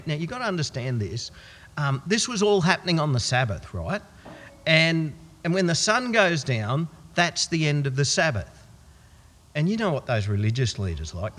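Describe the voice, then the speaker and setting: Aussie preacher being a wide-eyed follower, husky and sing-songy, churchy echo. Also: male voice, on the high side, a bit bright, full character voice. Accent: Australian. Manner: folksy, conversational storytelling. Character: plain-spoken male follower of Jesus, amazed. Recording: long church reverb.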